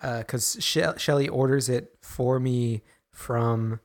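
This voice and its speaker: A man's voice: mid-range voice, steady tone, slow pace. Chatty man co-hosting a podcast. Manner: chatty, hesitant, amused. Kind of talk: casual chat.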